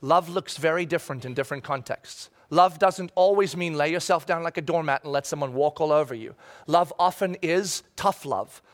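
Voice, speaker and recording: High-voiced animated male preacher. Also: normal speed. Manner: animated, swings from soft asides to loud shouted quotes. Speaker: pastor. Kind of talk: sermon.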